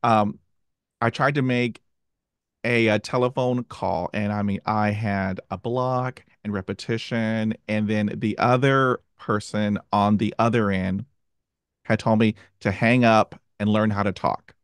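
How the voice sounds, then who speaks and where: A man with a stutter who hosts, talking in a halting, earnest way with many fillers. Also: lowish voice, steady tone, clean tone, no echo. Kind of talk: casual chat.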